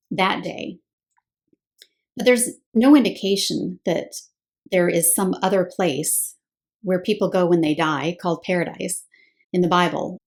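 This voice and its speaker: A woman giving a scripted Bible teaching talk, explaining step by step and posing rhetorical questions. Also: fairly low pitch.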